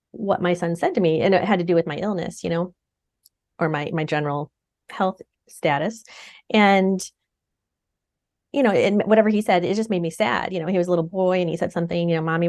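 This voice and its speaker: A woman's voice: on the low side, a little mellow. A middle-aged woman in a conversational interview, speaking earnestly and often repeating words as she searches for them. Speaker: guest, client sharing her recovery.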